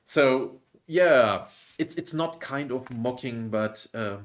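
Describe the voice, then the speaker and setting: A man from Germany with a German accent, a guest in a casual live chat, speaking in a thoughtful, measured and hesitant way. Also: mid-range voice.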